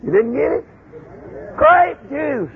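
A man preaching, husky voice, acting out voices and shouting now and then. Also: very high voice, big pitch swings, slow pace. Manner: folksy, acts out voices and shouts. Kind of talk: folksy sermon storytelling. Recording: dull phone-like lo-fi recording.

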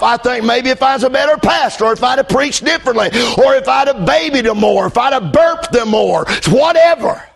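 High-voiced fervent preacher man. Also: gravelly. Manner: swings between hushed storytelling and fervent shouting; repeats and restarts phrases, calls out amen. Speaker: pastor. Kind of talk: fiery sermon.

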